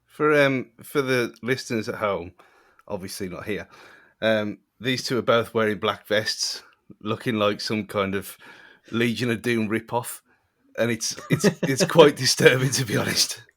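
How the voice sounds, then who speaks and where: A man's voice: lowish voice, normal speed, fairly bright tone. A man co-hosting a podcast, making dry teasing jokes in casual chat. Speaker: podcast co-host.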